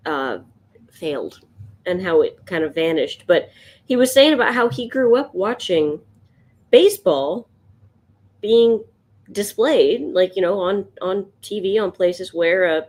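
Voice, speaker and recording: A woman's voice: medium pitch, expressive, unhurried, darkish tone. A woman chatting casually and rambling while she sketches on a live stream. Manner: rambling, chatty, laughs often. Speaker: art streamer.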